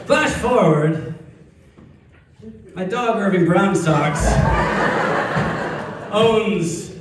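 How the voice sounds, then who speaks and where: A man performs a stand-up set on a club stage, shifting from dry, deadpan storytelling into sudden squeaky bursts. His fairly high voice rings through a very echoey hall, picked up from some distance. A lively audience murmurs and laughs behind him. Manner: deadpan storytelling with big high-pitched outbursts. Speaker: stand-up comedian.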